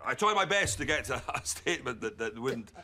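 A man playing a pompous, over-apologetic bald police chief with a Scottish accent, giving a stiff, deadpan press statement. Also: mid-range voice, brisk, heavily acted. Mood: solemn.

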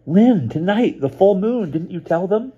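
Storybook girl, high and panicky, urgent and breathless, read by a man, on a dull lo-fi recording. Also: lively intonation, a little slow, dark tone, breathy edge, heavily acted. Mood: alarmed. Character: excitable young girl, high and frantic.

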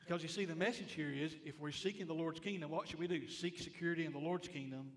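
A man's voice: a little high, fast talker, in a large hall. A man pastor preaching a sermon with emphatic repetition, asking his congregation questions as he works through the text. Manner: emphatic, repeats phrases, asks the congregation questions. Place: church sanctuary.

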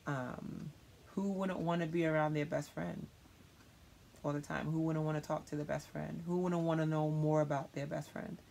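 A youth leader answering interview questions in an earnest, reflective way, often pausing with fillers. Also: medium pitch, level tone, vocal fry, darkish tone, slight background noise.

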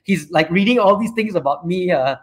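Man, Malaysian English accent, slightly high voice, casual rambling host, many fillers. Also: lively intonation, a little fast. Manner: rambling, frequent fillers and "right?" tags. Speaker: show host and company CEO. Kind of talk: casual live-stream chat.

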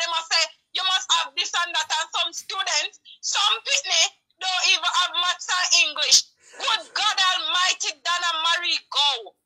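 A woman hosting a live stream, pleading and preaching with passion, often rising to shouts. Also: very high voice, low-quality recording. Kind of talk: heated live-stream commentary.

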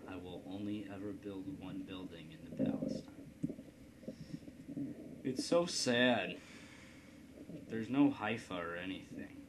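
A man with a somewhat low voice talks through a strategy game in a loose, rambling way, cracking jokes at his own expense. A steady hiss sits under the recording. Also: a little slow, long pauses. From Indiana, United States. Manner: rambling, joking, self-deprecating. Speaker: let's play host. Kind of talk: casual gameplay commentary. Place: at home computer.

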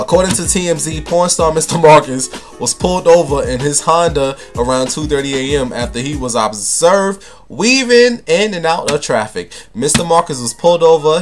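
A man hosting a casual celebrity gossip vlog, talking in a sassy, flamboyant, camp way and calling his viewers honey and baby. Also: a little high. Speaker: vlogger.

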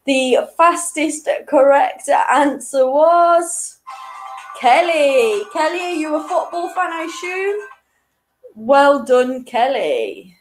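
A woman's voice: sits high, sing-song, takes it slowly, soft background music, poor audio. A woman in her late twenties hosting an online quiz, chatty and self-deprecating, often breaking into giggles. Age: 20s. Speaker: quiz host.

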